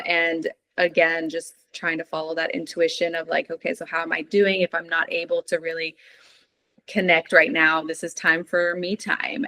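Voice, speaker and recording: A woman hosting a podcast speaks in a slightly low voice, appreciative and thinking aloud as she goes. She restarts her sentences often, in an easy conversational way. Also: fairly bright tone. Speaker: doula and podcast host.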